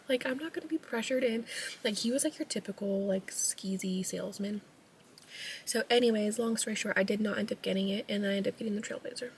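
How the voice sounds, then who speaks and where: A young woman giving a soft-spoken ASMR car tour, chatty and full of fillers, often sliding into a whisper and a bit out of breath. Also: medium pitch, brisk, far from the mic, a little hiss or hum, low-quality recording. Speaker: ASMR vlogger. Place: inside a parked car.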